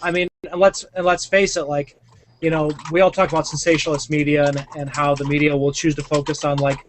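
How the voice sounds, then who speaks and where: A man's voice: on the high side, little pitch movement, a little fast, a little hiss or hum. A young man hosting a podcast, talking earnestly in rambling casual chat with lots of fillers. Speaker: podcast host.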